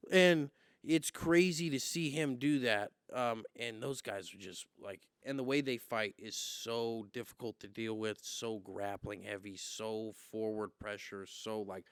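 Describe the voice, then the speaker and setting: A young man hosting a podcast and telling sports stories in casual, profane chat with loud acted-out quotes. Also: fairly low pitch, measured pace, clean tone, no room sound. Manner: profane storyteller who acts out quotes loudly. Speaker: podcast host.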